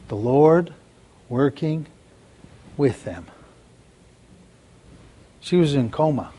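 A middle-aged man with a mid-range voice preaches a sermon, earnestly recounting a personal story. He repeats words and swings between soft and loud, with slight background noise in the recording.

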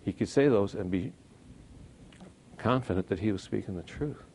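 Speaking at normal speed in a lowish voice, this Bible class teacher gives a conversational, emphatic sermon at church. He poses rhetorical questions and alternates loud stresses with quiet asides, over a faint hiss or hum.

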